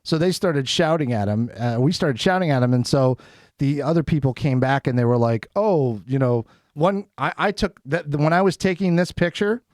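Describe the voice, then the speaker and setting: A man co-hosting a casual podcast chat, telling a story in an animated way and acting out what people said in a raised voice. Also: a little high, moderate pace, dry recording, studio quality. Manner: animated, acts out quotes in a raised voice. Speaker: podcast co-host. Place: studio.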